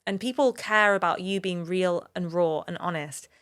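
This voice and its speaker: Her voice is fairly low and a bit bright, and she speaks at a moderate pace. She's an Englishwoman in her thirties running a solo podcast, sharing personal experiences with sincerity and openness to encourage her audience, and she gets emotional now and then.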